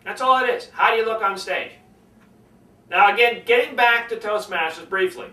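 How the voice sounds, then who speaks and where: A man coaching public speaking in a lively lesson, demonstrating different tones of voice as he explains. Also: high-pitched, normal speed, reverberant, distant mic, rough recording. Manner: animated, demonstrates tones by acting them out.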